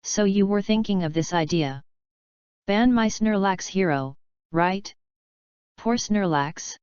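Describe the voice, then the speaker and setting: A woman voicing a cocky, sharp-tongued male student who speaks in an offhand, mocking way. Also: medium pitch, slow, smooth, no echo, natural voice. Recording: dull lo-fi dry recording.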